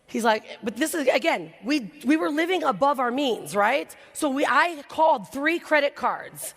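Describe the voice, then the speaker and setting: Brief: woman keynote speaker, lively stage storyteller, slight vocal fry, big reverberant hall. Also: high voice, normal speed, few pauses. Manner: animated, acts out quoted voices. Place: large hall before an audience.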